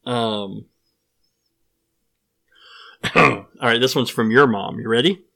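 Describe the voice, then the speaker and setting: A man's voice: medium pitch, slow, gravelly, pushed and bright. A man hosting a podcast, reading listener answers aloud in playful, joking banter. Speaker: podcast host.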